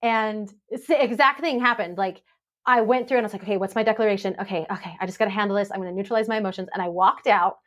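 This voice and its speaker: A woman on a podcast, coaching and telling a story with lively quoted voices. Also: mid-range voice, quick pace. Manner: animated storytelling, acts out quoted dialogue. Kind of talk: casual podcast conversation.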